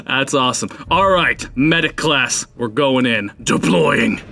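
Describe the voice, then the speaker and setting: A young man hosting a gaming channel, giving jokey live commentary over his play, swearing and yelping in high shouts whenever he gets attacked. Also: animated, measured pace, vocal fry, a little hiss or hum.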